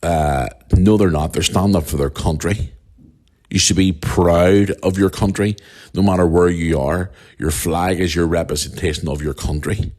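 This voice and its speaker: Angry low-voiced Northern Irish man ranting. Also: steady tone, normal speed, darkish tone. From Northern Ireland. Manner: angry, blunt, heavy swearing, ranting. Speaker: podcast host. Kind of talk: solo podcast rant.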